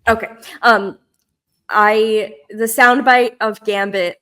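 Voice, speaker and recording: A woman podcast host in casual chat, halting and restarting her sentences. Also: medium pitch, fairly even intonation, bright, forceful tone, clear, resonant tone.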